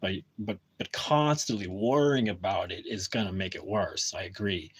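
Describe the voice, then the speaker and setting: A man's voice: on the low side, normal speed, husky. A man chatting casually with viewers on a live stream at home, talking hesitantly with many restarts and fillers.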